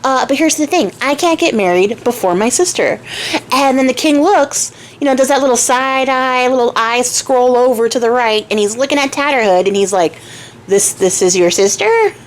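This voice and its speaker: A woman's voice: high-pitched, moderate pace. Chatty lady retelling a fairy tale, slangy, faint hiss behind. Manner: chatty, slangy, laughs often. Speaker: craft channel host. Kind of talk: casual folk tale retelling.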